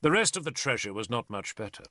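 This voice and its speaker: A man narrating an audiobook in an expressive storytelling manner. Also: mid-range voice, quick pace, no echo, studio quality.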